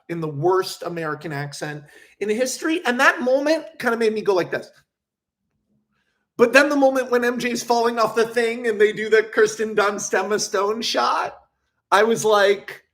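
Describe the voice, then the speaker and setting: Speaking a little slowly in a high-sitting voice, this young man streams live and works through questions from his viewers. His casual chatter is rambling, animated and full of swearing.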